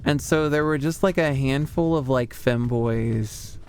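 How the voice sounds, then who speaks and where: A man streaming as a VTuber chats casually with his audience, rambling along with lots of fillers. His voice is smooth and medium-pitched with a darkish tone, and he takes his time.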